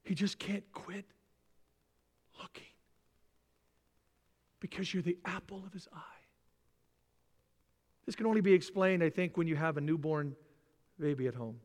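An older man preaching a sermon dramatically, acting out voices and dropping into soft, near-whispered lines. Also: high voice, steady tone, a little slow, pauses often. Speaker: pastor. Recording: long reverb in a large hall.

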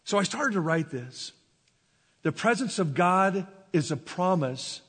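A man preaching a sermon, telling a personal story in a halting, emotional way, stumbling over and repeating his words. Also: high voice, expressive, fairly bright tone, husky, in a large hall. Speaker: pastor. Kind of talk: sermon testimony.

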